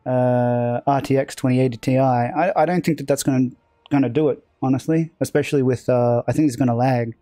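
A man's voice: mid-range voice, steady tone, fairly quick, dark tone, no echo. A man streaming a video game live, rambling casually and joking at his own expense while chatting with viewers. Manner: rambling, self-mocking banter with chat.

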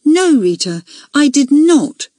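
Defiant young schoolgirl, read by a woman narrator: bright, firm, sure of herself. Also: high voice, very animated, normal speed, no room sound, clean studio sound, voice pushed up. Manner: clear and decisive.

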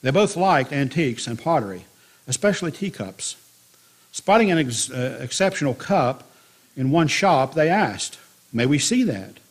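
Husky-voiced man preaching a sermon. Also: a little high, animated, moderate pace. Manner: emphatic storytelling. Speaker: pastor.

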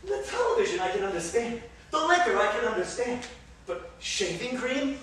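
A man acting as an excitable middle-aged husband in a live stage play, recorded from the back of an echoey theater. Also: extremely high pitch, moderate pace, exaggerated voice. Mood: outraged. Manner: blustering, shouting curses, then soothing. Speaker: stage actor. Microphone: distant room mic. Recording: echoey hall, distant, some noise.

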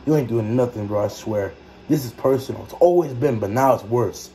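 A man voicing a cocky male gorilla fighter who talks trash in a gruff, boastful way. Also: medium pitch, fairly quick, warm tone, a little hiss or hum, pitched below the performer's own voice, natural voice, low-quality recording. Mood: menacing.

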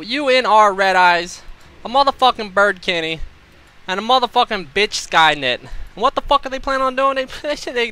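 A man's voice: high-pitched, sharp tone, clean tone. A man streaming, giving swaggering, profanity-heavy trash-talk commentary over his own gameplay. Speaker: game streamer.

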